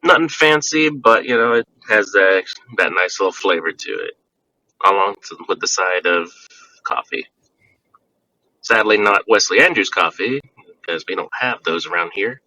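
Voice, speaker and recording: Caller type: lowish, bright-voiced man from Georgia, loose and rambling, heard from a distance off the mic. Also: animated, moderate pace, slight background noise. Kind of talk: casual phone-in chat.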